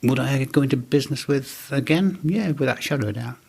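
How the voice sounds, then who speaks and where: A businessman in his forties tells his stories with animated energy. He slips into the voices of the people he quotes, keeping an easy, conversational tone throughout the interview. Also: mid-range voice, quick pace, vocal fry, slightly rough. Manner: animated anecdotes, acts out quoted dialogue. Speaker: business owner guest. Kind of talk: casual storytelling interview.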